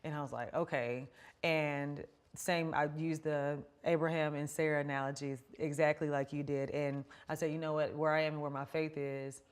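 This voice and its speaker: A woman's voice: deep voice, level tone, moderate pace, clear, resonant tone. A woman in a casual faith conversation, chatty and confiding, telling personal stories with quoted asides.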